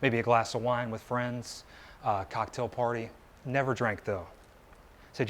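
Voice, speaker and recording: A man's voice: medium pitch, steady tone, measured pace, long pauses, fairly bright tone, a little hiss or hum. Earnest man telling his life story. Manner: earnest, conversational, asks the audience rhetorical questions. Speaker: motivational speaker. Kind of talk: personal story speech to a live audience. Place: indoor meetup event.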